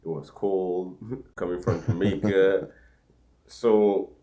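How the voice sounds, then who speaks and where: A man interviewing a guest, asking slightly halting questions. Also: low-pitched, fairly even intonation, dark tone.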